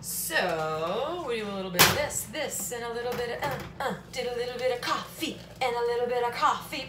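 Chatty high-voiced woman in an echoey kitchen. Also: lively intonation, moderate pace, hardly any pauses, noisy background. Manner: chatty, jokey, breaks into silly sung bits. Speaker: vlogger. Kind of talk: casual vlog chat. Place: home kitchen. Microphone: camera on a tripod.

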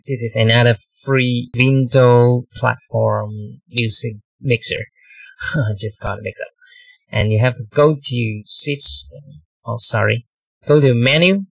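Man, software demo, gravelly voice, unhurried delivery, dry room, mic a little distant. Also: medium pitch, no echo. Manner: plain, unhurried talk-through of settings with small self-corrections. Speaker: tech tutorial maker. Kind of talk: casual screen-recorded software demo.

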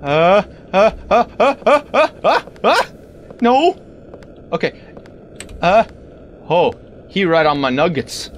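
Animated man narrating a game. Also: high-pitched, takes it slowly, pauses often, slight background noise. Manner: animated, talks to game objects, sudden exclamations. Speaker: gaming video creator. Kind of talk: let's-play commentary.

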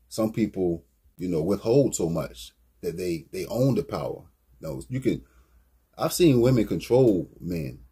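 Male rapper, mellow and deep-toned, raspy voice, casual slangy album commentary. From Virginia, US. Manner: laid-back, slangy, rambling. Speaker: rapper and brand owner.

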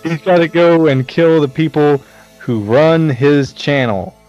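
A man's voice: fairly high pitch, measured pace, a little mellow, lo-fi sound, soft background music. A man co-hosting a casual movie podcast, crude and joking, acting out scenes in silly voices. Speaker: podcast co-host. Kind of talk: casual movie chat over beer.

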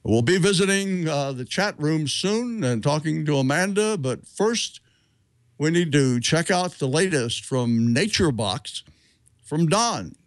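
A middle-aged man hosts the show and reads out announcements in a measured, steady way, stopping now and then on a filler. His voice is a little high for a man, and the recording is dry and close. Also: no room sound. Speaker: show host. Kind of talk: scripted announcements.

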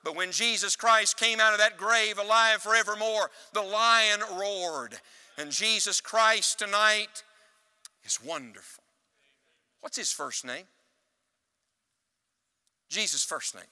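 A male evangelist delivers an emphatic church sermon, pausing so the congregation can shout the next word back. His voice sits high and sounds bright and piercing. It rings out with a long reverb, as if in a big hall. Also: clean tone. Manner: emphatic preaching with call-and-response.

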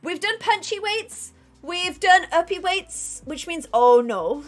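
A young woman streaming a game, chatting casually and thanking viewers, self-deprecating and bursting into excited squeals. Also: very high voice, slow pace. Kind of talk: casual livestream chat.

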